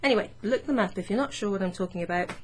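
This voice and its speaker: A woman teaching French grammar in a patient, chatty way, reading French phrases slowly and explaining them. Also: medium pitch, a little hiss or hum. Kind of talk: casual explanatory lesson.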